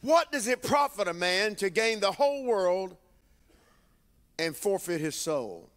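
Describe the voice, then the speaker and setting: A man preaching as a bishop, with emphatic call-and-response phrasing and drawn-out lines. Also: sits high, very animated, fairly bright tone, long reverb tail. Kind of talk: sermon. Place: church sanctuary with congregation.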